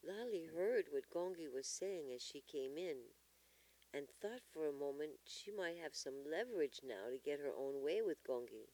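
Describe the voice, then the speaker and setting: A storyteller reading a children's story aloud in an expressive manner. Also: mid-range voice, normal speed, rough recording.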